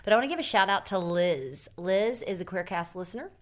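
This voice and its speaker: A woman's voice: on the low side, expressive, a little fast. A woman hosting a podcast, chatting casually and candidly, rambling with lots of fillers. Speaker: podcast host. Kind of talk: casual chat.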